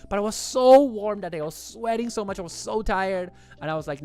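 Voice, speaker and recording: Rambling, excitable livestream host. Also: mid-range voice, a little fast. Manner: rambling, chatty, self-correcting. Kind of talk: casual livestream chat over photos.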